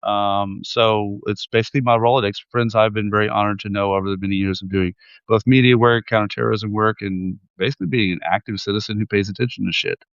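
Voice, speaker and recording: A man's voice: fairly low pitch, steady tone, quick pace, fairly bright tone, dry recording, lo-fi sound. A man hosting a casual interview show, talking loosely and swearing now and then. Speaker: show host. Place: in Ukraine.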